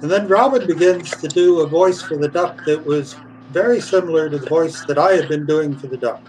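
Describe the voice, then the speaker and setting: A man, a puppeteer guest, telling a lively anecdote and acting out the voices of the people in it, laughing now and then. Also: fairly high pitch, a little fast, distant mic, low-quality recording. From England. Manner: lively storyteller, acts out voices, laughs often.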